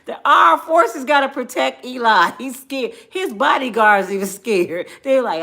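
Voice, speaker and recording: A woman vlogger telling a comedic storytime in an animated, slangy, joking manner, often laughing. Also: high-pitched, a little slow, few pauses.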